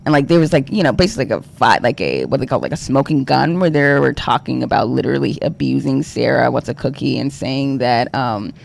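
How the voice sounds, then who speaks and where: A man's voice: medium pitch, animated, brisk, gravelly, few pauses. A young adult man talking on a livestream, exasperated and rambling, full of fillers and swearing. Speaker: streamer. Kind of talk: ranting livestream talk.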